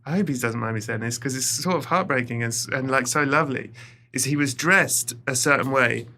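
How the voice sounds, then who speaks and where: A man who is a podcast guest, telling a story in a casual, animated way. He swears freely and laughs often. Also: mid-range voice, a little fast, slight background noise.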